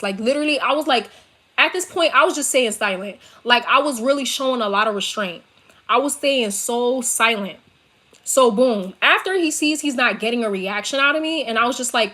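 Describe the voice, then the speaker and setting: A woman's voice: a little high, a little slow, pushed and bright. A young woman with a New York accent tells a story to her laptop from her bedroom, ranting in a heated, profane, emphatic way. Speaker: vlogger telling a story. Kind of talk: storytime rant to camera. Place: her bedroom, seated on bed. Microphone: laptop built-in mic.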